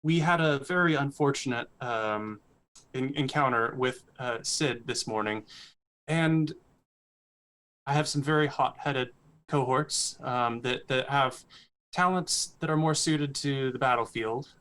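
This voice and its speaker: A man's voice: medium pitch, measured pace, fairly bright tone, natural voice. A man speaking in character as an earnest, diplomatic male cleric, hesitant and stammering with uhs and ums. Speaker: player. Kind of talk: in-character role-play.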